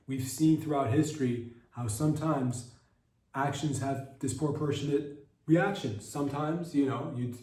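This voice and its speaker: A man's voice: mid-range voice, a little slow, dark tone, reverberant, distant mic, poor audio. A young man hosting a comedy podcast, riffing in a rambling, profane monologue full of mock outrage. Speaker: podcast host.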